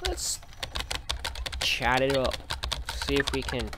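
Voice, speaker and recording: A man's voice: mid-range voice, flat delivery, slow, very noisy. A man doing let's play commentary, thinking aloud about his choices in a jokey, chatty way. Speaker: video game streamer. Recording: loud background music.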